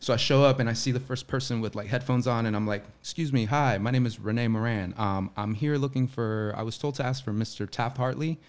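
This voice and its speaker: A man's voice: mid-range voice, fairly quick, few pauses. A man from Florida, a guest actor on a podcast, telling casual stories and acting out the dialogue. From Florida, USA. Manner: animated storyteller who acts out dialogue, often laughing.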